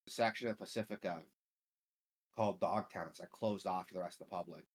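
A man's voice: low-pitched, fairly quick. A young man hosting a casual gaming podcast, rambling with lots of fillers and swearing. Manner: rambling, profane, filler-heavy. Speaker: podcast host.

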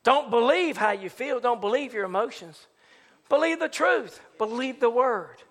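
A man preaching a sermon, building to shouted, chanted repetitions. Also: very high-pitched, expressive, moderate pace, big-room sound. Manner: rising to shouted, chanted preaching with repeated phrases. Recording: live church service with congregation.

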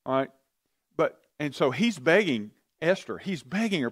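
Male Bible teacher, animated storyteller, lively pitch, quizzes his group. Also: normal speed, dry recording, clean studio sound. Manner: animated storytelling, asks the class questions.

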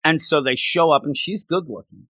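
Animated man on a podcast, fairly high. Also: husky, no room sound. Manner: animated, acts out characters' lines in quick bursts. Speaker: podcast co-host. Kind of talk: casual chat.

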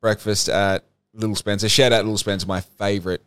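A young man hosting a podcast, telling a story in casual, animated chat with rambling asides. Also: fairly low pitch, brisk, clean tone, no echo. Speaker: podcast host.

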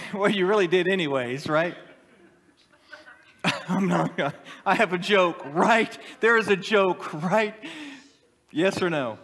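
Man, middle-aged pastor, high-pitched, animated joking sermon, long hall reverb. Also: takes it slowly, pauses often, background noise. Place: church sanctuary with a congregation.

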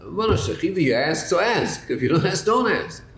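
Male Torah teacher, animated questioning delivery, roomy class recording with a faint hum. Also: a little high, normal speed. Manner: questioning, repeats words, rhetorical back-and-forth. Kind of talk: Talmudic-style class lecture.

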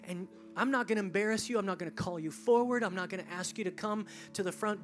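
A pastor giving an altar call in a large church during a service, shifting between intense near-whispers and rising, fervent appeals. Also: medium pitch. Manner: intense, drops to near whisper, then rises.

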